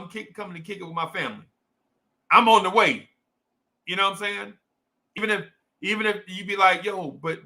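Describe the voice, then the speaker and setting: High-sitting, pushed, and bright, the voice belongs to a young New Jersey sports host with a strong local accent. He chats casually with livestream fans, repeating himself in slangy, hype-heavy bursts.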